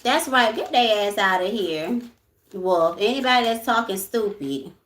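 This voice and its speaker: A woman's voice: medium pitch, expressive, measured pace, a bit bright, roomy sound. A woman hosting a casual livestream, talking bluntly with lots of swearing, moving between ranting and soothing her viewers. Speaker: livestream host.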